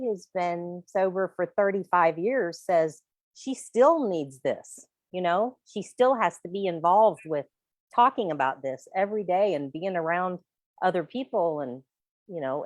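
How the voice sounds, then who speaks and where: A woman with a fairly low voice, speaking earnestly and plainly as she shares advice on a panel. The sound is dry and close, with no room echo. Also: darkish tone. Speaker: panelist on a sobriety podcast. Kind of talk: casual panel discussion.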